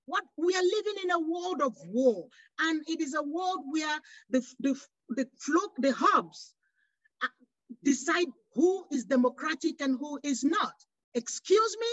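A woman's voice: sits high, animated, a little slow, no room sound, lo-fi sound. A woman from West Africa speaking on a panel, passionate, full of rhetorical questions and restarts. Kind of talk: panel discussion.

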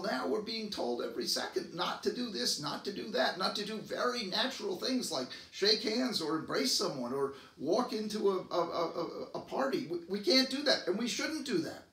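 A man doctor from the United States giving advice to camera, earnest, often repeating and restarting words and jumping up in pitch for emphasis. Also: a bit bright. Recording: roomy echo, voice from a distance.

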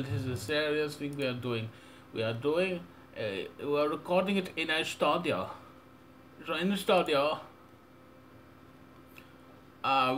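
A young man rambling through a deadpan, mock-serious audio software tutorial with absurd asides. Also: fairly high pitch, slight background noise. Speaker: tutorial maker.

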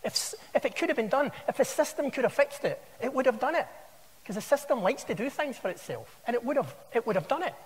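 A man's voice: very high-pitched, animated, quick pace. Wry Scottish man in his sixties. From Scotland. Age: 60s. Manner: wry, anecdotal, conversational storytelling. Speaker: conference speaker. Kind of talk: conference keynote talk. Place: large conference hall. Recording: long hall reverb.

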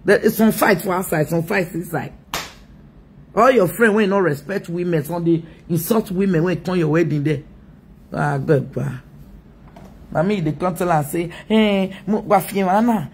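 A woman's voice: fairly low pitch, normal speed, pauses often, slight background noise. A Nigerian woman ranting mockingly on a live video, scolding and laughing often.

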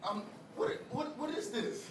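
A man's voice: very high-pitched, huge pitch swings, unhurried, roomy sound, far from the mic, background noise. A frightened man being arrested, pleading with an officer and repeatedly calling him sir, heard inside a friend's home. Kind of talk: confrontation caught on video.

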